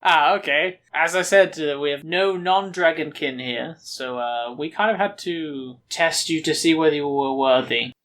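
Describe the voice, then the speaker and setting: A man running a tabletop game as game master, genial and quick to chuckle. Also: fairly high pitch, a bit bright.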